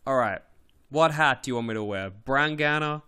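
Man, game streamer, casual live chat, jokey and playful, animated, swoops up in pitch, casual swearing. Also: moderate pace, clear, resonant tone.

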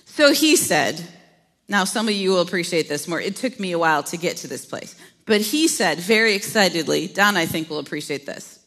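A woman's voice: lowish voice, lively intonation, normal speed, a bit bright. Midwestern woman pastor preaching in a reverberant church. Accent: Upper Midwest American. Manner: conversational, playful asides to the congregation. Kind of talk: sermon. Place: church sanctuary.

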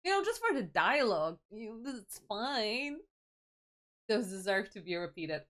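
A woman's voice: mid-range voice, sing-song, unhurried, fairly bright tone. A woman streamer chatting casually over gameplay, rambling and self-deprecating, with many fillers. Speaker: game streamer.

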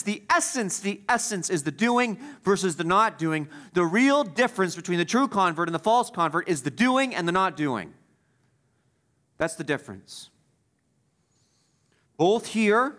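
A man preaching a sermon as the pastor, emphatic, repeating key phrases and swinging between loud stresses and quiet asides. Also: high-pitched.

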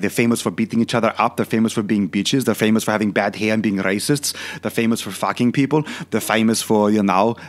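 In a mid-range, lightly acted voice, a man who hosts a fitness channel does a comic rant as a boastful older Austrian bodybuilder turned movie star. The accent is a heavy put-on Austrian one, and his delivery is crude, ranting and full of repeated filler questions.

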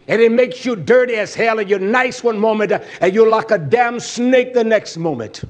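A man preaching a sermon with blunt, salty language, swinging from loud shouts to low mutters. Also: moderate pace.

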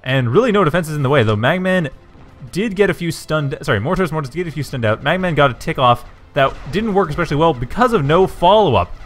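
Just out of bed, a man speaks in a low morning voice as he casts a strategy game match, giving chatty play-by-play. He often corrects himself and gets excited when the action picks up, while fast, faint music plays in the background.

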